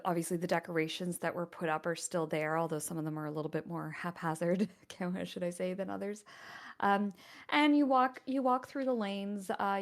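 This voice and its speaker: A woman's voice: fairly low pitch, a little mellow. Hesitant woman narrating a tabletop game. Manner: hesitant, full of ums and restarts. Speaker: game master.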